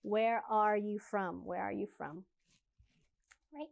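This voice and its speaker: A woman teaching an English lesson, saying each practice phrase slowly and clearly and repeating it twice. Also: on the high side, animated, a little mellow.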